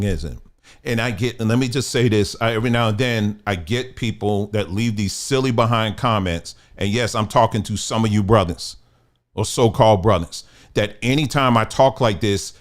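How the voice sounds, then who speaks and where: A man giving a ranting commentary monologue, firing off rhetorical questions and stumbling over repeated words as he pushes his point. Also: mid-range voice. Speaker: online commentator.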